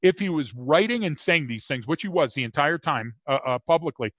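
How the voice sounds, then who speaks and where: A man with a fairly high voice co-hosts a conversational podcast, joking and rambling as he restarts his sentences. The sound is dry and close. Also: lively intonation, brisk, fairly bright tone, no room sound. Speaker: podcast co-host.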